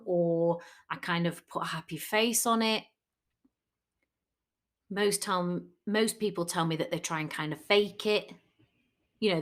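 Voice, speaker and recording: A woman coach giving a chatty solo podcast talk. She acts out quoted people in lively voices. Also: medium pitch.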